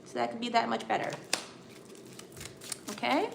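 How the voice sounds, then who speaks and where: A woman's voice: a little high, normal speed, vocal fry. An American woman giving a tarot reading on a live stream. She reassures her viewers, calls them honey and sweetheart, and keeps checking in with "okay?". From United States. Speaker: tarot card reader. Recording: echoey room with faint background noise.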